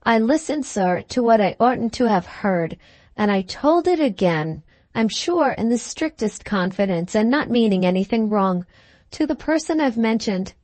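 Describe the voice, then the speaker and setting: A woman's voice: fairly high pitch, expressive, moderate pace, no room sound, lightly acted. A woman voicing an anxious young maidservant who speaks hesitantly and apologetically. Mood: troubled. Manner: hesitant and apologetic, addressing a gentleman as sir.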